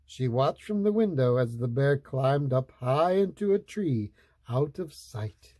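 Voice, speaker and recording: A man reading a picture book aloud, slow, playful and expressive. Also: medium pitch, no room sound. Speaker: storyteller.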